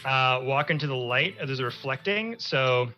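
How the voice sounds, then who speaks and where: A man narrating a tabletop game as game master, in animated, rambling descriptions. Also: medium pitch, moderate pace. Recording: muffled stream audio with music.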